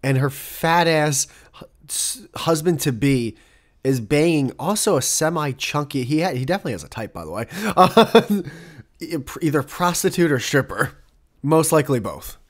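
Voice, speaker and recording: A man's voice: a little high, very animated, normal speed. A young man hosting his own podcast alone, talking casually in a rambling, profane way that keeps breaking off into asides. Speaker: podcast host. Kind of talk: casual solo podcast monologue.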